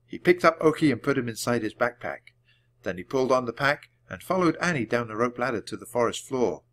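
Animated man reading a storybook aloud. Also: mid-range voice. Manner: clear and deliberate for language learners. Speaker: storybook reader.

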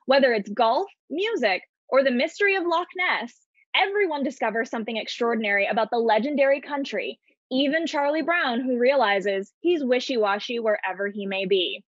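A bubbly woman hosts an interview over a video call, her voice set high. The sound is dry and close, yet dull and lo-fi. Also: expressive, normal speed, no echo. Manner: bubbly, laughs easily. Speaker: interview host. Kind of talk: upbeat video chat interview.

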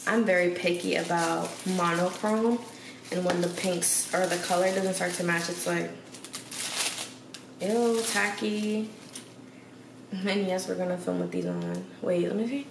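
A woman's voice: on the low side, fairly even intonation, unhurried, creaky, long pauses. A woman vlogging at home in a chatty, sassy, slangy way, talking straight to her viewers. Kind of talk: casual vlog chat. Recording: echoey room, distant from mic, noisy.

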